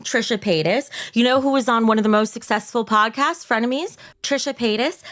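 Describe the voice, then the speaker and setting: A woman's voice: on the high side, brisk, fairly bright tone. A woman moderating a bantering podcast debate, teasing and sing-song in her delivery.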